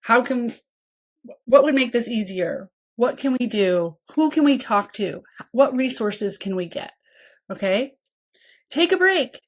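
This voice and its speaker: A woman's voice: on the high side, animated, unhurried. Female podcast host, casual coaching monologue, earnest, acts out caregivers' inner thoughts, frequent "okay?" check-ins. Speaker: podcast host and mentoring program founder.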